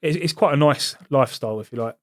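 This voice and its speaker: Fast-talking army veteran. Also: male voice, mid-range voice, fairly bright tone, dry recording. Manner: quick, chatty, laughs at his own stories. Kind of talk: casual podcast chat, storytelling.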